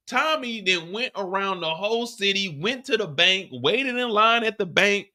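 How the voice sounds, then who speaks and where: Animated profane man recapping a show. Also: high voice, normal speed. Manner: animated, profane storytelling with acted-out quotes. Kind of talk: casual episode recap.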